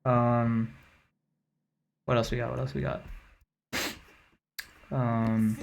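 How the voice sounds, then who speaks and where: A woman's voice: very deep voice, level tone, slow, gravelly, noisy background. Rambling, swearing woman streamer. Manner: loose, rambling and profane, full of "like" and "um". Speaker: streamer walking through her own song mix. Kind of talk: casual livestream chat.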